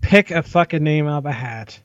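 A man with a fairly high voice gives blunt, swearing awards picks in a casual podcast chat. His voice sounds dry and close, with a slightly dull, muffled recording. He talks in quick, opinionated bursts. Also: a bit bright, no echo. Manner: opinionated, rapid, swears freely. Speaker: co-host of a movie podcast. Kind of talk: casual, profane awards predictions.

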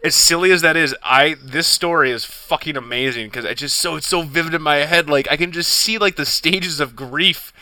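A man co-hosting a podcast in casual chat, excitable and profane, laughing often and tripping over his words. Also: a little high, normal speed, few pauses, dry recording, low-quality recording. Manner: excitable, profane, laughs a lot, stammers restarts. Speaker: podcast co-host.

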